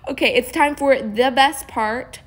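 A young woman unboxing a doll for her vlog at home, talking in a high, gushing, excited voice with casual slang. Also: measured pace.

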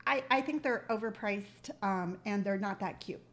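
A blunt older cashier who sounds flat and unimpressed, put on by a woman retelling a story. The delivery is dismissive, and the voice sits a little lower than the woman's own voice. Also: moderate pace, close to an everyday voice.

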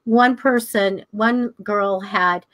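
An older woman co-hosting a psychic talk show, telling stories in a casual, animated way, acting out the voices of people in them and laughing often. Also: mid-range voice, slow. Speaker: psychic radio show co-host. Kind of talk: casual storytelling chat.

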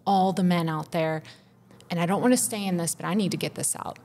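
A woman's voice: fairly low pitch, brisk, darkish tone. A woman in her thirties, a podcast co-host, pouring out a raw, profane personal confession with intense feeling.

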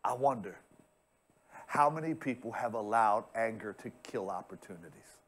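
A male pastor preaching a sermon, turning often to speak straight at the congregation and swinging from loud, stretched-out lines to hushed ones. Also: fairly low pitch, expressive, moderate pace. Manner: addresses the congregation directly.

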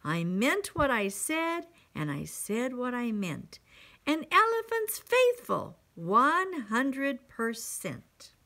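Woman doing a faithful gentle elephant. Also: high-pitched, sing-song, takes it slowly, full character voice. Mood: earnest. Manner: earnest, stubborn vow. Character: faithful kind male elephant, gentle and steady.

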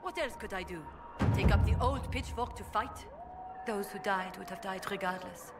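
An actress playing a defiant middle-aged village elder who defends herself firmly. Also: female voice, medium pitch, moderate pace, over music, lightly acted.

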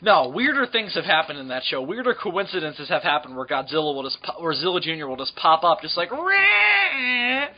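A man's voice: a little high, expressive, fast, few pauses, pushed and bright, husky, rough recording. A man co-hosting a podcast in casual chat, enthusiastic and jokey, with some swearing. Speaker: podcast co-host.

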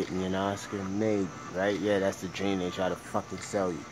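A young man ranting profanely in a casual vlog, swinging between low mumbling and loud shouting. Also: little pitch movement, moderate pace, hardly any pauses, music in the background. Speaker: vlogger.

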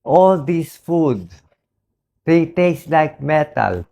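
A hoarse man with a Filipino accent, a doctor speaking in an emotional personal vlog, talking slowly and pleadingly. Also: on the high side, sing-song, mellow. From Philippines. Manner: slow, pleading, mixes English and Tagalog. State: hoarse, voice dried out.

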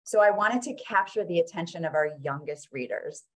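Woman author, low voice, lively sing-song read-aloud of her picture book. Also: brisk. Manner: animated, sing-song when reading sounds aloud.

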